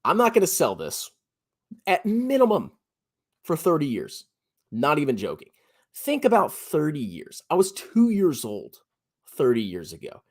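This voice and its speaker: A man in his thirties giving blunt, sarcastic personal finance commentary on his own channel, often jumping to a high mocking pitch. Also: huge pitch swings, a little slow, pauses often. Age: 30s. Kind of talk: animated solo commentary.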